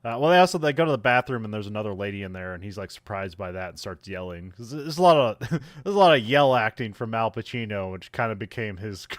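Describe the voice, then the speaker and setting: A man's voice: on the low side, expressive, a little fast, hardly any pauses, dry recording. Male podcast co-host, casual rambling recap, frequent laughter, dry recording. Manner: rambling, laughs often, retells scenes. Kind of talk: casual movie recap chat.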